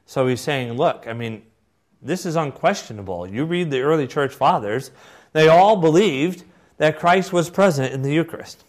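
A man's voice: fairly high pitch, lively intonation, normal speed. A man lecturing a class on church doctrine, explaining points and adding brief asides between quotations.

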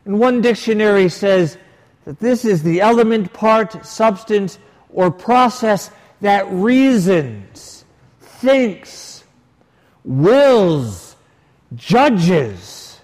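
A man's voice: high-pitched, expressive, drawn-out words, a little mellow. A man, a priest, preaching a sermon and telling a story with quoted dialogue and varied emphasis. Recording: long reverb of a large hall.

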